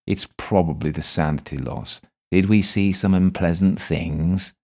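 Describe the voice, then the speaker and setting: A man voicing a sardonic, amused older English gentleman with a drawling, quietly wicked manner. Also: low voice, unhurried.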